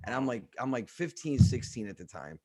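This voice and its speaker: Animated, swearing New comedian. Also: male voice, mid-range voice, fairly quick. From New York. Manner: animated, swearing, acts out quotes. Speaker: comedian guest. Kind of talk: casual storytelling. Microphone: podcast studio mic.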